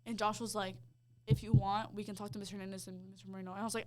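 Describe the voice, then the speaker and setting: A young woman talks through a personal faith story in a loose, chatty way. Her voice sits at an ordinary middle pitch, and she leans on casual fillers as she recounts each step with real feeling. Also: level tone, racing. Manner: heartfelt storytelling, full of "like" fillers. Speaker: podcast co-host sharing her testimony. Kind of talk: casual chat.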